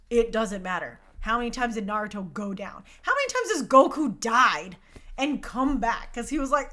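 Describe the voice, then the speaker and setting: A woman's voice: a little high, animated, normal speed, pushed and bright. A young woman hosting a talk show, speaking in a passionate, emphatic casual monologue. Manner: impassioned, emphatic.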